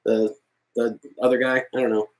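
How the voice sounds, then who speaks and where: Male co-host, loose jokey chat, average-pitched voice. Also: little pitch movement, moderate pace, poor audio. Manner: joking, laughs often. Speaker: podcast co-host. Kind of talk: casual banter.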